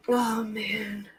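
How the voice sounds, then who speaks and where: A woman's voice: on the high side, a little hiss or hum. A young adult woman hosting a true crime livestream, chatting casually in a rambling, flustered way and laughing easily.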